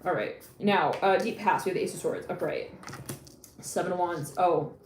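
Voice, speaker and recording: A woman giving a live tarot reading in a chatty, excitable way, laughing often and acting out little quoted lines. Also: fairly low pitch, normal speed, roomy sound, a little hiss or hum. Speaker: tarot reader.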